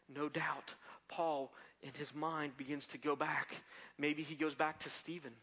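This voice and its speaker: A man preaching a sermon in a bright, forceful voice that sits a little high for a man. He moves from loud, emphatic passages down to near-whispers. He restarts phrases and repeats words as he works through his points. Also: steady tone, a little slow, husky. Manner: dynamic delivery, swinging from loud emphasis to hushed whispers.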